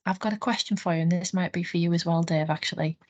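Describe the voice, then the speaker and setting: Curious woman with a lowish voice. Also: fairly even intonation, quick pace. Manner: curious, questioning. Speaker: podcast co-host. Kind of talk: casual chat.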